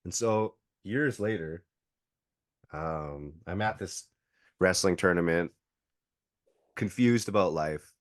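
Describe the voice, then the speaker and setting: Speaking slowly with long pauses, a Canadian jiu-jitsu coach with a low voice shares a casual story as a podcast guest, leaning on fillers and acting out the quotes. The studio-quality audio has no echo.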